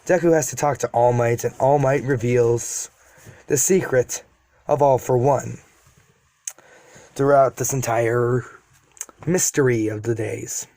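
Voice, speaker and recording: A man's voice: medium pitch, fairly even intonation, slow, long pauses, dark tone, no room sound. A man retelling a fan story in a casual, rambling way, with self-deprecating asides to his viewers. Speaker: YouTube storyteller.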